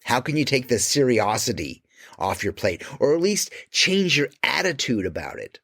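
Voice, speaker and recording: A man speaking as a creative coach in an emphatic motivational monologue, swearing casually and dropping to quiet low asides. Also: sing-song, moderate pace, vocal fry, no room sound, studio quality.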